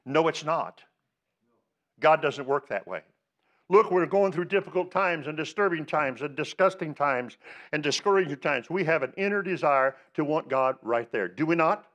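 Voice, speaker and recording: A man's voice: a little high, expressive, moderate pace, a bit bright. A male pastor preaching a sermon, emphatic, asking rhetorical questions and rising on the words he stresses.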